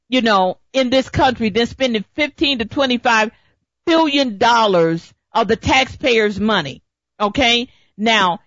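A woman's voice: on the high side, no echo. A woman hosting a political talk radio show, speaking emphatically, repeating her points and firing off rhetorical questions. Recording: dull lo-fi dry recording.

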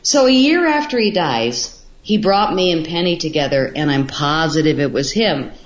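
Animated woman storyteller, roomy lo-fi sound. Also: low-pitched, moderate pace. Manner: animated storyteller, acts out quotes. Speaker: guest filmmaker. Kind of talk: storytelling in a radio interview.

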